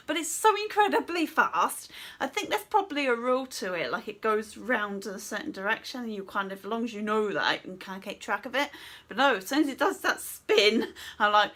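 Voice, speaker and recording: Woman, gaming rant, sweary, exasperated, bright tense voice, a little high. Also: lively intonation, a little fast. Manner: exasperated, swears a lot, laughs often. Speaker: gaming vlogger.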